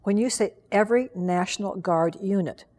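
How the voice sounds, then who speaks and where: A woman's voice: medium pitch, normal speed, darkish tone. Reflective woman host in her sixties. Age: 60s. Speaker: interview host. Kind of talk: conversational interview.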